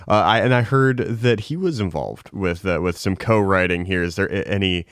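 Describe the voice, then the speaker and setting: Low, smooth-voiced male interviewer. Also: moderate pace, no echo. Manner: low-key, encouraging listener. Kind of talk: casual interview chat.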